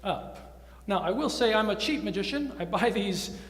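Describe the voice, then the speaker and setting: In a large, echoing hall, a man plays a stage magician, teasing his volunteers with playful patter in front of a live audience. His voice sits high and sounds expressive and slightly bright at a moderate pace. Faint music can be heard in the echoey recording.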